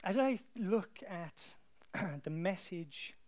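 An English man preaching to his congregation, with a voice that sits a little above the usual male range. He talks easily and conversationally and tells his stories with lively animation. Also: sits high, extremely slow. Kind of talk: sermon.

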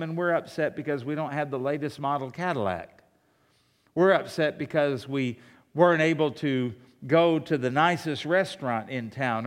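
A male pastor preaching a sermon, firing off rhetorical questions and swinging between soft asides and loud emphasis. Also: fairly high pitch, long reverb tail.

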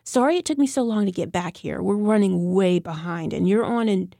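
A busy woman stage manager talks fast and apologetic, in a hurry, as a narrator voices her. The voice is slightly gravelly and mellow. It sounds dry. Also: medium pitch, no room sound, natural voice. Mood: hurried. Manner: quick, hurried.

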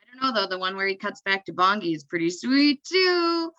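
A woman's voice: mid-range voice, sing-song, fairly quick, pushed and bright, dry recording, lo-fi sound. A woman co-hosting a casual sports podcast, playful and jokey, laughing at her own quips. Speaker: podcast co-host.

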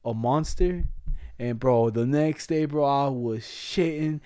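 Young man, mellow tone, dry close sound, slangy profane storyteller in a casual chat. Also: mid-range voice, slow pace, clear, resonant tone, no room sound. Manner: slangy, profane, laughing while telling a story.

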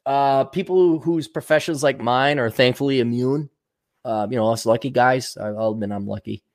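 With a medium-pitched, steady voice, this man hosts a livestream where he reads viewer donations. His blunt rant is full of profanity, and his rapid, loose delivery is broken by fillers and restarts.

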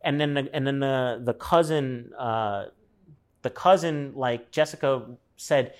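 A man's voice: mid-range voice, unhurried. A man telling a personal story in casual conversation, acting out the people he quotes and swearing now and then.

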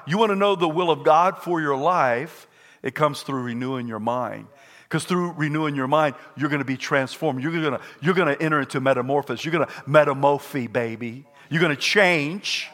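An older man preaching a sermon, repeating his points and rising to shouted peaks. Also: on the high side, moderate pace. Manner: repetitive and emphatic. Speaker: pastor.

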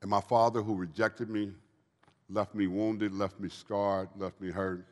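A man's voice: flat delivery, a little slow. Man in his fifties preaching in a hall. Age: 50s. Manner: low, quiet storytelling that swells into fervent exhortation. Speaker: guest speaker giving a testimony. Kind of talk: preaching testimony to a live audience. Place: large hall with an audience. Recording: long hall reverb.

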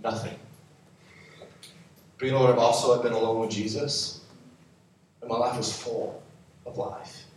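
A man's voice: medium pitch, little pitch movement, normal speed, pauses often, distant mic, slight background noise. Joking young man preaching in an echoey hall. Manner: playful, joking asides to the audience. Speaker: youth pastor. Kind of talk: youth sermon with live demonstration.

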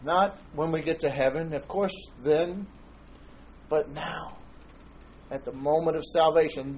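Male pastor, fairly high voice, relaxed storytelling sermon with light humor. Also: unhurried, a little hiss or hum, rough recording. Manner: conversational and joking, tells anecdotes.

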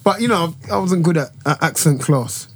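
A man's voice: on the high side, animated, moderate pace, a little hiss or hum. A man guesting on a casual podcast, rambling through stories with lots of laughter. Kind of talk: casual chat.

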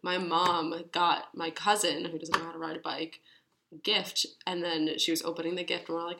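Animated young woman, bright and low. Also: gravelly. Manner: animated, quick to exclaim. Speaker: podcast co-host. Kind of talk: casual chat.

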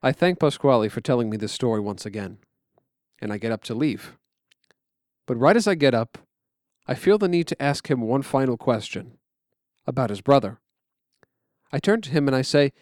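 A man telling a family story aloud, with expressive, dramatic narration. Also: mid-range voice, normal speed, no room sound, clean studio sound. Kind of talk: live storytelling.

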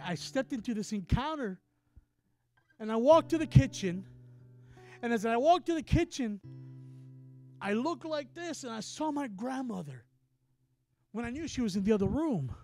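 A middle-aged man preaching a sermon, telling a story in a hushed voice and then rising to loud, emphatic declarations. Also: very high-pitched.

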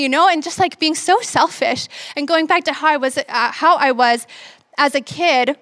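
A woman's voice: high-pitched, normal speed, bright, forceful tone, dry recording. A woman in her twenties giving a sermon in an upbeat, conversational way, acting out her own thoughts as she tells a story. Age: 20s. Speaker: young preacher.

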